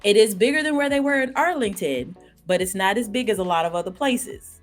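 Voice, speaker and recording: Woman host from Texas, slangy hype talk, soft music behind. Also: mid-range voice, fairly quick. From Austin, Texas. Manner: hyped, slangy, playful hype-up. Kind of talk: live stream interview hosting.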